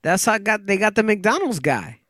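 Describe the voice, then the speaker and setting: A man cuts into the chat with quick reactions and jokes. His voice is high and bounces around a lot. The sound is dry and close. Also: sing-song, fairly bright tone, dry recording. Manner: chimes in with short reactions and jokes. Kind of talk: casual chat.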